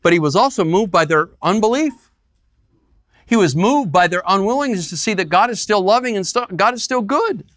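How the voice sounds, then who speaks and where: A man's voice: high voice, expressive, fairly quick, a bit bright, dry recording, studio quality. A man preaching a sermon as pastor, acting out quoted voices.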